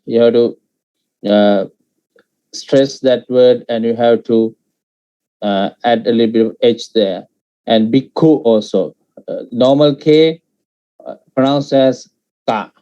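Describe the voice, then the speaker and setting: Man, language teacher, patient, slow syllable drills, mellow voice, muffled lo-fi recording. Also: medium pitch, clean tone. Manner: patient, repeats syllables slowly with many fillers. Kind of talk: explaining pronunciation in an online class.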